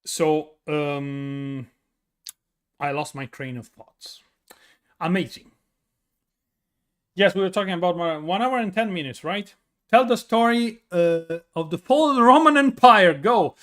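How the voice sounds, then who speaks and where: A man's voice: high-pitched, expressive, a little slow, pauses often, a bit bright. A tired man with an Italian accent, streaming and answering viewer questions in a chatty way, full of fillers and restarts. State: tired from little sleep. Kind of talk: casual chat reading viewer questions.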